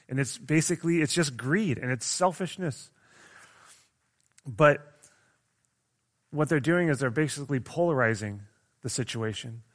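A man's voice: medium pitch, a bit bright. A young man preaching a sermon in a casual, conversational way. He often stops to check in with his audience and restarts his sentences. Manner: restarts and stumbles often, says "like" a lot.

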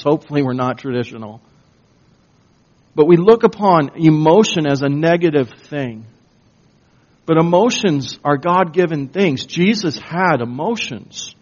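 Slow, emphatic male pastor preaching. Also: on the high side, darkish tone. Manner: slow, emphatic preaching with rising bursts of intensity. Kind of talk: sermon. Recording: dull lo-fi recording.

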